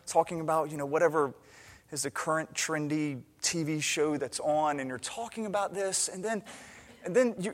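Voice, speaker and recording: Guy preaching, high voice, gets quiet then loud and fired up, long hall echo. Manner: impassioned, swings from hushed to loud. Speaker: pastor. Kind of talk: sermon.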